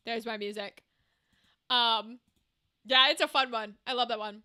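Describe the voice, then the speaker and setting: Woman streamer, high bright voice, loose and profane with her chat. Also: moderate pace. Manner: chatty, swears freely, laughs often. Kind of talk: casual chat with a live stream audience.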